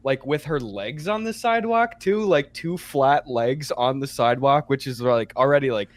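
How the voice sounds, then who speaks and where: A young man co-hosting a podcast, telling a story in casual chat, animated and swearing casually. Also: mid-range voice, moderate pace. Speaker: podcast co-host.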